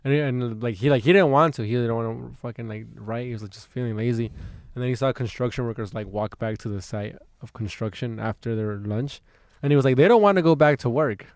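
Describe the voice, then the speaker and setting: A man's voice: medium pitch, fairly even intonation, a little fast, dry recording. A young man hosting a podcast in casual chat, joking and blunt with plenty of swearing. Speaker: podcast host.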